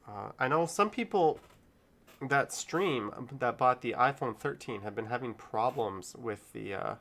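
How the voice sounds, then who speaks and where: A man's voice: mid-range voice, fairly bright tone. A middle-aged man hosting a casual live stream, rambling in an easygoing way and chuckling often. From Canada.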